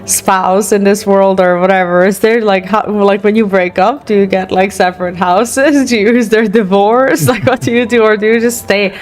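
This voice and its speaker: A woman's voice: medium pitch, steady tone, normal speed, few pauses. Giggly chatty woman gaming streamer. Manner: giggly, chatty, lots of fillers. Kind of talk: casual game commentary.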